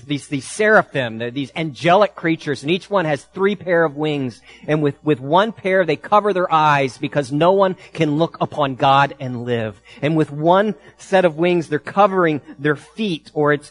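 A man preaching a sermon, often repeating and restarting words and building to loud emphatic peaks. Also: fairly high pitch. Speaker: pastor.

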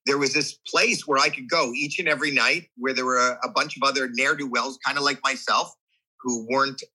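Heard through a rough recording, a man in his sixties speaks briskly in a husky, medium-pitched voice. As a guest in an interview, he animatedly recounts a story, acting out voices and reactions, with frequent restarts and repeated words.

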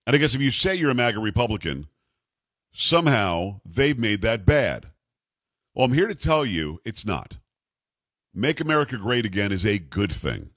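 A man's voice: lowish voice, big pitch swings, normal speed, a bit bright, no room sound. A man hosting a talk radio show, delivering a sarcastic, emphatic political monologue into a studio microphone.

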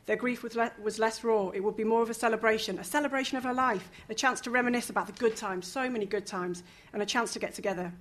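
A woman reading a novel aloud, lively, with casual asides and the odd chuckle. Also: on the high side, quick pace, hardly any pauses. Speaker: reader.

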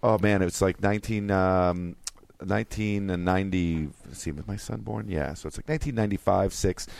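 Excitable, low-voiced actor guest. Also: male voice, brisk, creaky, no echo. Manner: excitable, loose, peppered with "man" and "bro". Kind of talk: casual chat, telling anecdotes.

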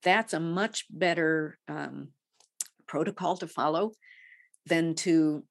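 A woman's voice: low-pitched, takes it slowly. A woman guest on an interview, giving direct advice in a coaching way. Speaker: guest, grief author.

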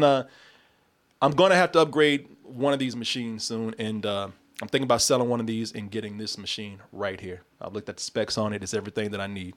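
A man hosting a casual review video, talking straight to his viewers, swearing and gushing with excitement. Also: medium pitch. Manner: exuberant, swears, calls out to viewers.

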